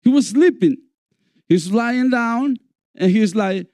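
A man preaching a sermon in a church, slow and repetitive, calling out for amens. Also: very high-pitched, animated, a little mellow, no room sound, studio quality. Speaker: pastor.

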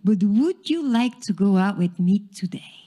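Woman voicing a smooth young surfer guy. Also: medium pitch, lively intonation, moderate pace, warm tone, close to an everyday voice. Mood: apologetic.

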